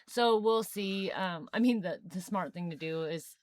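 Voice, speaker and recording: A woman's voice: mid-range voice, measured pace, dry recording. A young woman co-hosting a podcast, chatting casually and laughing often. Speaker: podcast co-host. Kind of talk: casual chat.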